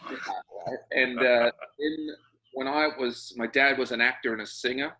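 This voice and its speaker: A man in his fifties with an Australian accent talks as an interview guest over a video call. His voice is bright and forward at a middling pitch. He wanders through his thoughts with a dry, easy humor. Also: steady tone, moderate pace, rough recording. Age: 50s. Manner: reflective, rambling, dry humor. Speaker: guest, singer-songwriter. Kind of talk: casual interview chat.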